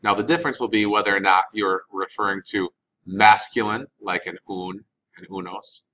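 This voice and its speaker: A man's voice: lowish voice, fairly even intonation, moderate pace, pushed and bright, poor audio. A man, recording a Spanish vocabulary lesson as the teacher, patiently saying each word and repeating it for practice.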